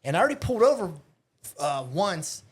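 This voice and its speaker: A man casually telling profane, animated stories as a podcast guest, often laughing as he talks. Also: high voice, brisk, breathy edge. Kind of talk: casual storytelling. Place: childhood neighborhood home.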